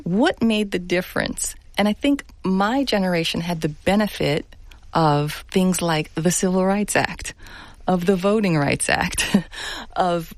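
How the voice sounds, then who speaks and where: A middle-aged woman journalist giving a thoughtful radio interview, speaking earnestly and laughing softly now and then. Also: lowish voice, measured pace, dry recording. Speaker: journalist guest.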